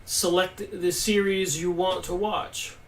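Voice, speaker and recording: Male live stream host, emphatic, answers viewer comments; high pitch, distant mic. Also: level tone, slow.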